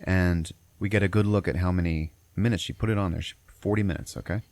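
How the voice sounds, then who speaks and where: A man's voice: deep voice, steady tone, fast, darkish tone, dry recording. A man hosting a podcast, recapping a movie in a rambling, profane, casual way. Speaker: podcast host.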